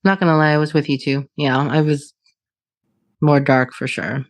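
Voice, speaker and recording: A woman's voice: deep voice, fairly even intonation, normal speed. A woman in her late thirties in casual conversation, talking candidly, swearing often and laughing as she goes. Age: 30s. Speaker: podcast co-host.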